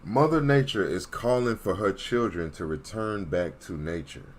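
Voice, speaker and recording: Slight background noise sits under a man's fairly low voice as he speaks at normal speed. Playing the online commentator, he preaches emphatically, restates his points again and again, and asks listeners "Okay?" to keep them with him.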